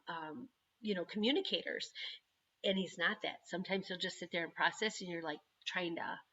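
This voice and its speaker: A woman, the parent of an autistic son, chatting casually on a video call and telling stories in an animated way. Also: on the low side, muffled recording. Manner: chatty, animated storytelling with frequent laughs. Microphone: computer microphone on a video call.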